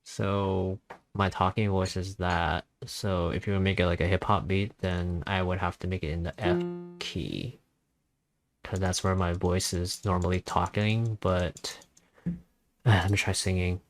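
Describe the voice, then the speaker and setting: A man casually talking through a music software tutorial in a rambling, offhand, self-deprecating way. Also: low-pitched, steady tone, measured pace. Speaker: tutorial host. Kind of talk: casual screen-recording tutorial.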